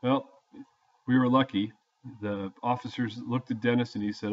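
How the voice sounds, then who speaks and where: A man's voice: mid-range voice, fairly even intonation, moderate pace. An older man casually telling a story from his youth in a folksy, plain-spoken way. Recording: dull lo-fi audio.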